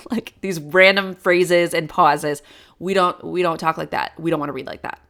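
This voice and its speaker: A woman's voice: on the low side, fairly even intonation, moderate pace, fairly bright tone. A woman who taught in schools, enthusiastically explaining reading skills to parents with everyday examples. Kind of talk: teaching talk to parents.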